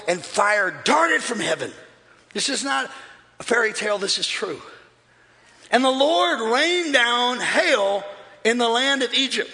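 A man preaching a sermon as pastor, emphatic and shouting, with repeated refrains. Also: high-pitched. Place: large church hall. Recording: echoey hall with music and crowd.

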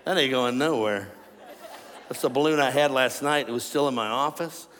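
A man preaching a sermon to a congregation, animated and joking with the crowd. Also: medium pitch, moderate pace, a little hiss or hum. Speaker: pastor. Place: large church auditorium. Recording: long hall reverb, faint ambience.

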